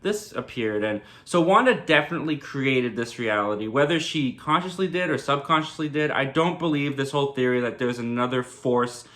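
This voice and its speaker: A man's voice: mid-range voice, a little fast, few pauses, a bit bright. A man giving a casual TV episode recap in a chatty way, full of "like" and "kinda". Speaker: TV reviewer.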